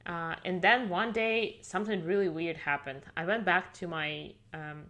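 A woman's voice: fairly low pitch, steady tone, moderate pace, a bit bright. A woman who learned English as an adult, telling her story to a podcast host in a chatty way with lots of "like" fillers. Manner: non-native English speaker, fluent, with many fillers like "like". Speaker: podcast guest. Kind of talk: casual conversational storytelling. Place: lives in Miami, United States.

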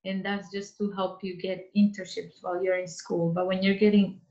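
A woman's voice: mid-range voice, little pitch movement, moderate pace, warm tone. A woman gives career advice, earnest and repeating phrases as she works out her thoughts. Her voice sits in a middle register. The recording sounds a little dull and lo-fi. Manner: earnest, speaks in restarts and repeats. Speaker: interior designer guest. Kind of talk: casual interview advice.

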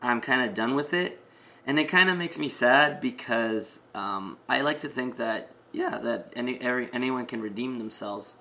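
A man's voice: mid-range voice, normal speed, bright, forceful tone. A man casually telling a personal story, rambling with many fillers and restarts.

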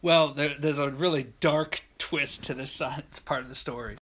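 Bright-voiced man telling a rambling story. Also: fairly high pitch, fairly even intonation, moderate pace, husky. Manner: rambling, profane, laughing often. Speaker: podcast host telling a story. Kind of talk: casual storytelling.

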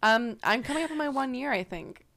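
A woman's voice: high-pitched, lively intonation, brisk, a bit bright. A young woman from Canada, co-hosting a casual podcast chat, rambling and laughing through her own stories. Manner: giggly, rambling storyteller, laughs through words. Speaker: podcast co-host.

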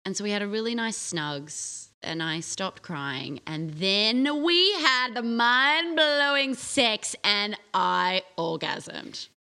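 Podcast co-host, woman, 30s, bright tone, animated storyteller. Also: takes it slowly, hardly any pauses. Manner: animated storytelling, acting out quotes in a low voice. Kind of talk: casual chat.

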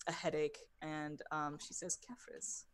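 A woman runs a tabletop game in a low voice, narrating scenes as game master. Her delivery halts on fillers and restarts. The sound is dry and close. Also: steady tone, dry recording. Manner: halting, many fillers and restarts.

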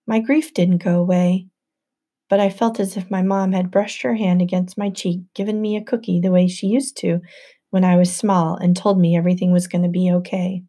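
A woman narrating a novel aloud in the first person with an even storytelling delivery. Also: lowish voice, moderate pace. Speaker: audiobook narrator.

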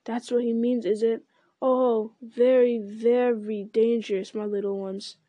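Woman reading male goblin, sly, menacing, hissing whisper, slightly high, mellow tone, dry close sound. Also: level tone, a little slow, no room sound, dull audio, natural voice. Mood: sly, wary. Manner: soft hissing whisper, silky and threatening. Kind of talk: audiobook character voice.

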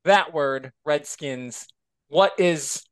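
American man, podcast co-host, slightly high voice, animated and rambling. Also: very slow, clean tone. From United States. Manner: animated, digressive. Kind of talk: casual chat.

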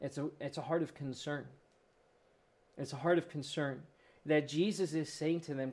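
A man preaching a sermon with emotional swings, building to loud peaks and then dropping to a soft, low voice. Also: fairly even intonation, moderate pace. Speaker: pastor.

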